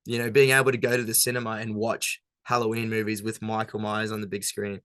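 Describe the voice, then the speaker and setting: A young man from a band, chatting casually in an interview, relaxed and rambling with plenty of fillers. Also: lowish voice, fast, no room sound. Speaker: band member.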